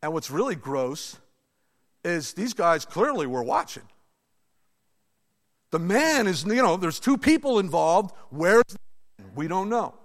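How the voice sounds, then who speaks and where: A man preaching a sermon to his church, in a lively, conversational way with asides to the congregation. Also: high-pitched, measured pace, pauses often. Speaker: pastor. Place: church sanctuary. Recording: long reverb of a large hall.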